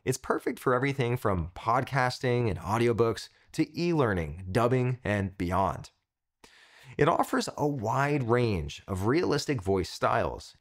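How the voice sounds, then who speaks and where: Upbeat guy doing a tech review, mid voice, really animated sing-song delivery, short punchy lines. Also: medium pitch, a little slow. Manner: enthusiastic, punchy short phrases. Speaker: tech tutorial host. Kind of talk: upbeat scripted product review.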